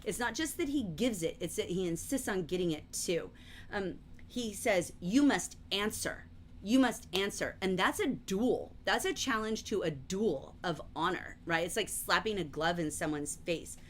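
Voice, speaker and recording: A woman's voice: fairly low pitch, lively intonation, normal speed, a little hiss or hum. Woman, middle-aged, literature teacher, chatty explainer, livestream lesson. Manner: chatty, explanatory, frequent fillers like "um" and "like". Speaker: teacher leading a novel study.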